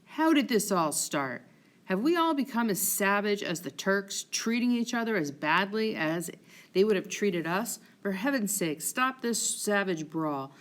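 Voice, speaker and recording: A woman's voice: mid-range voice, lively intonation, measured pace, natural voice. A woman voicing a stern male general demanding order in a grave, authoritative way.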